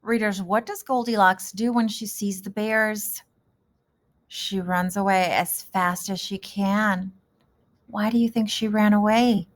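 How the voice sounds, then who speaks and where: A woman teaching a kindergarten class in a gentle, encouraging manner. She asks the children questions and answers them herself, in a mid-pitched voice. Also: steady tone, a little slow. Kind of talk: reading lesson for young children.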